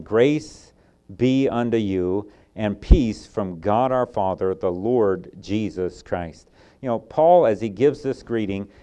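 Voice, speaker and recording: A man with a Southern US accent preaching a Bible sermon. He builds to emphatic peaks and falls back to quiet, soft lines. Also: lowish voice. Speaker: pastor.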